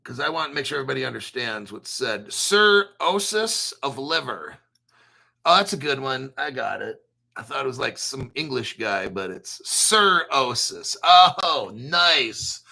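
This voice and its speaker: Hyped, bright-voiced American man. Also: mid-range voice, big pitch swings, measured pace, creaky. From United States. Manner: hyped, brash, rambling, swears, reads chat aloud. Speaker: crypto livestream host. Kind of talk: excited livestream commentary.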